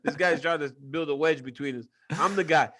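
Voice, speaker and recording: A man with a fairly high voice co-hosts a casual sports chat over a video call. He talks in an animated, teasing way and breaks into laughter often. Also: fairly quick. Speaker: co-host and fight analyst.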